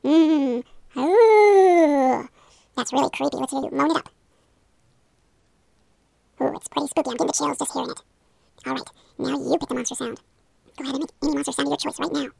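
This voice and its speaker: A woman's voice: high-pitched, flat delivery, racing, creaky, dry recording. A young woman leading a playful hypnosis role-play, coaxing and encouraging the listener. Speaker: hypnosis guide.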